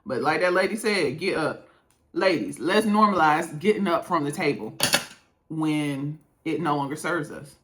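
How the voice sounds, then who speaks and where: A woman's voice: sits low, moderate pace. A woman hosting a casual reaction video while doing her makeup, emphatic and giving advice, repeating herself for stress.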